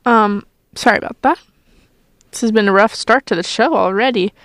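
A woman's voice: medium pitch, normal speed, a bit bright, soft background music. A young woman in her twenties hosting a college radio show, chatting casually and self-consciously, with lots of rambling and fillers. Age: 20s. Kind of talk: casual on-air chat.

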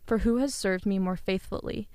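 A woman voicing a sly, cruel male hangman who speaks with calm, amiable menace in a poem reading. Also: mid-range voice, moderate pace, clean tone, no echo, clean studio sound, close to an everyday voice. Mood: smug menace.

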